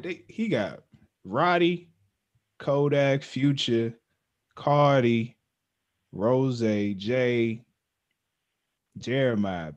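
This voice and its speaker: A man co-hosting a podcast, talking in a loose, joking, slang-heavy way. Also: medium pitch. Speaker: podcast co-host. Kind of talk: casual chat.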